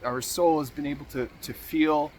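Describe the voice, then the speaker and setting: A man's voice: on the high side, fairly even intonation, normal speed, darkish tone, a little hiss or hum. A man hosting a motivational talk, earnest and encouraging, repeating key phrases for emphasis. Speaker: podcast host.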